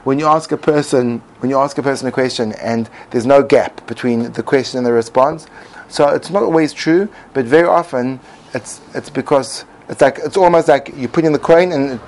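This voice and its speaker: A man's voice: mid-range voice, a little fast, a little mellow, low-quality recording. A man giving a reflective talk as host, musing aloud with frequent restarts. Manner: musing, many restarts and fillers. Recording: faint background noise.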